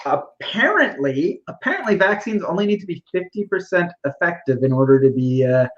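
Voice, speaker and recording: Halting man on a dull lo-fi mic. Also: high voice, big pitch swings. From Canada. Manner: halting, thinking aloud with many fillers. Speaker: podcast co-host. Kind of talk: casual chat. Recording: dull, lo-fi sound.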